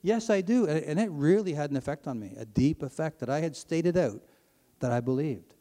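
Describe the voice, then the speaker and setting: An earnest man from Ontario, Canada, speaks a little fast in a fairly high voice within a reverberant hall. He's telling an audience his personal faith testimony, his voice climbing as he grows excited.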